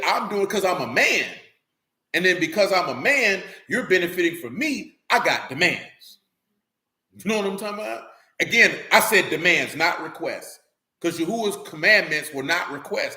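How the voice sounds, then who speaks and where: A man's voice: high-pitched, pushed and bright. Blunt, streetwise man preaching casually. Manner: blunt, streetwise, keeps asking if listeners follow. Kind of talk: casual conversational sermon. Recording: roomy echo.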